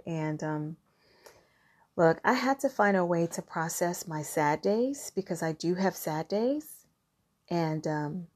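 A woman's voice: lowish voice, warm tone. A middle-aged woman talking through heartfelt self-care advice, earnest and encouraging, often restarting her sentences.

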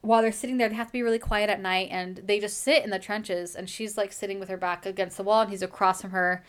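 A woman's voice: mid-range voice, fairly even intonation, fast, smooth. Gushing woman recapping a book. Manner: gushing, laughs often. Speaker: book podcast host.

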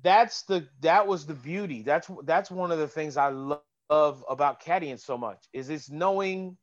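A man, a golf caddy and comedian, telling stories in a casual chat, animated and swearing, acting out voices. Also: a little high, normal speed, lo-fi sound. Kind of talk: casual podcast storytelling.

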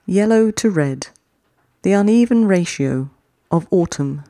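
Slow, mellow poetry-podcast host. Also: mid-range voice, animated, no echo, clean studio sound. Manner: reads each short poem twice with long pauses; chatty, quicker sign-off. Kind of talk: slow, measured poetry reading.

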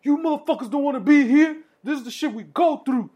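A man voicing a furious male prison inmate who yells loud, profane threats. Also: very high voice, steady tone, brisk, creaky, pitched above the performer's own voice. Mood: menacing.

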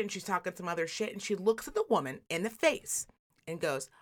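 A woman co-hosts a casual podcast chat with a somewhat low voice. She tells stories in a profane, animated way, acting out the people she quotes. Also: fairly quick. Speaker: podcast co-host.

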